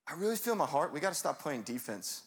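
A man's voice: a little high, fast talker, breathy edge. Young guy preaching, casual but fired up, voice rings out in a big reverby church. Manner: animated, conversational preaching with rising shouts. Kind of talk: sermon. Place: church sanctuary. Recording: long hall reverb.

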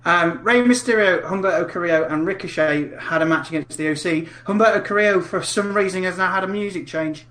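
A man's voice: high-pitched, a little fast, hardly any pauses, sharp tone, echoey room. A man co-hosting a casual podcast, playful and fond of mimicking others. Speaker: podcast co-host. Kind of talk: casual chat.

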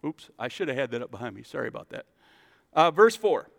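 A male pastor giving a jokey, animated sermon in a church, acting out the story as he goes. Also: medium pitch, fairly quick, gravelly, in a large hall.

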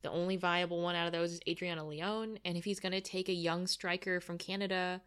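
Fairly low in pitch, smooth and a bit bright, her voice stays steady while she talks fairly quickly. She co-hosts a soccer podcast, analyzing rosters casually and adding dry, teasing comments.

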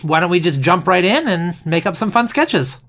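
A man's voice: high-pitched, normal speed, noisy background. Upbeat male show host. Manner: lively, announcing.

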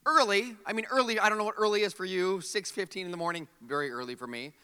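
A man in his forties preaching a humorous sermon, telling a story with comic frustration and quick asides to the audience. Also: high-pitched, expressive, bright, forceful tone, clear, resonant tone, long reverb tail. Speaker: pastor. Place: large church hall.

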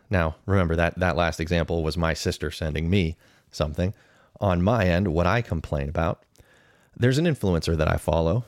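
A man's voice: sits low, no echo, clean studio sound. A man in his thirties giving casual, opinionated podcast commentary, weighing pros and cons in a conversational way. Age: 30s. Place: podcast studio.

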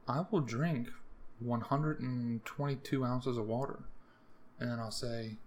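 A young man from the US East Coast hosting a podcast alone, rambling through profane, jokey rants with sudden jumps in pitch. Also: normal speed, slight background noise. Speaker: podcast host. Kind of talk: casual solo rambling monologue.

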